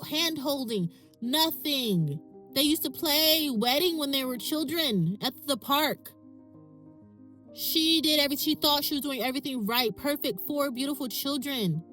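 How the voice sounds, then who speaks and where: A woman's voice: sits high, a bit bright. A woman hosting a podcast, speaking in an impassioned, ranting monologue. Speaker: podcast host. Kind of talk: emotional monologue.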